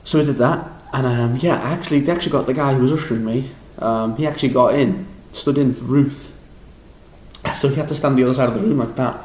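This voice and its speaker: A young man with a Scouse accent talks through his audition in a loose, rambling vlog, tripping over his words and laughing at himself. His voice sits at an ordinary middle pitch, and the room around him rings with noticeable echo. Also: fast. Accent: Liverpool. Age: young adult. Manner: rambling, excitable, self-deprecating, frequent restarts and laughs. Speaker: drama school applicant. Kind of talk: casual vlog recap.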